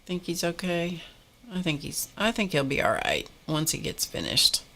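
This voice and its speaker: A woman's voice: lowish voice, big pitch swings, moderate pace, very noisy. A woman hosting a live painting class, telling rambling stories as she paints and greeting chat viewers by name. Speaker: art instructor hosting a live painting stream. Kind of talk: casual live-stream chat while painting.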